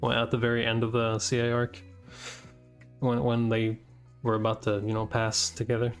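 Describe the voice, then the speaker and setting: A man casually reading a comic aloud and reacting, thinking out loud with many fillers and breaking into surprised swearing. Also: medium pitch, monotone, moderate pace, faint music behind. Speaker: host reading manga aloud.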